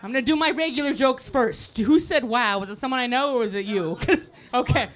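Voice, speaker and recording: A woman doing a live stand-up set on a club stage, brash and profane, breaking into shouts and laughing at her own lines. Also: fairly high pitch, brisk. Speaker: stand-up comedian. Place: comedy club stage before a live audience.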